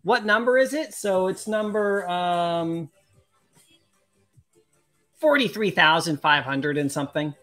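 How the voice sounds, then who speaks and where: A bright, forceful voice carries this excitable streamer's chatty patter as they answer viewer comments and laugh often. Their pitch sits in the middle range. Faint music plays underneath. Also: slow, pauses often. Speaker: live-stream host opening collectible card packs. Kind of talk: casual live-stream chat, reading viewer comments aloud.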